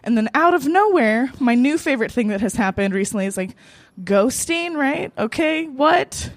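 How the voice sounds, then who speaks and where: This is a high-pitched young American woman at a moderate pace, hosting a live cafe open mic. Her personal story is full of laughter and swearing, delivered with lots of energy, and there's no echo.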